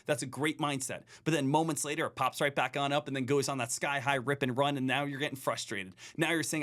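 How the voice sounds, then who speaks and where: A man with a somewhat high voice explains trading rules on a podcast. He talks energetically, with a coaching tone, and circles back to the same points again and again. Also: fairly even intonation, brisk, fairly bright tone. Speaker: stock trader guest. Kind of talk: podcast interview talk.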